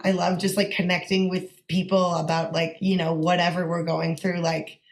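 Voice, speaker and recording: Animated young woman, casual and profane. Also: fairly low pitch, normal speed. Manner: animated, swears freely, lots of "like". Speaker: songwriter guest. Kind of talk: casual interview chat.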